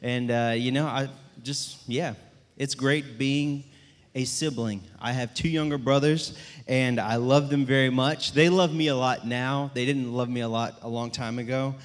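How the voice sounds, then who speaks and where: Animated man telling stories in a hall. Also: medium pitch, unhurried. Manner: animated, self-mocking storyteller acting out quotes. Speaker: church speaker. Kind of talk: storytelling talk to a live audience. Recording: long hall reverb.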